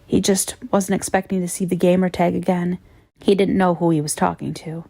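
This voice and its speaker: A man's voice: high voice, flat delivery, a little fast, vocal fry, warm tone, dry recording, clean studio sound. A woman voicing a nervous young man who stammers and apologizes. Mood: apologetic.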